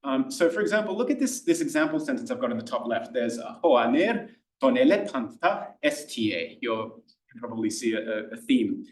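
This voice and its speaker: A man with an Australian accent gives a relaxed, enthusiastic lecture, often restarting phrases and filling pauses. His voice sits at a middling pitch for a man. The sound is roomy and echoey, with the speaker set back from the microphone. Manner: chatty, enthusiastic, lots of fillers and restarts. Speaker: Greek tutor. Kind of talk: classroom lecture. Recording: echoey room, voice somewhat far from the mic.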